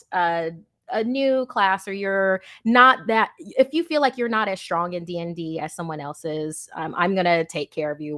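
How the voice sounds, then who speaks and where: A woman dungeon master from the USA, talking about her games in an animated, enthusiastic interview chat, often repeating words as she starts a thought. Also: mid-range voice.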